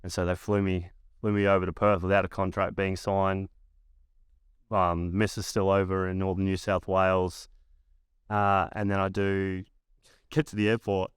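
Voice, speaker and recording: A man's voice: low voice, level tone, normal speed, clear, resonant tone, no echo, studio quality. A man in his thirties with an Australian accent, a podcast guest telling a long story casually, swearing freely and padding his lines with fillers. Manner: laid-back, heavy swearing, lots of "like" fillers. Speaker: podcast guest, former pro basketballer.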